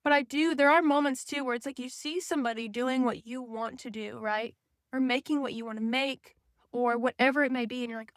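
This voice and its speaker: A woman's voice: high voice, fast talker, fairly bright tone, no echo, clean studio sound. A young woman vlogging in a casual, candid ranting way, often saying "like" and slipping into mocking voices. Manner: says "like" often. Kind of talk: casual chat.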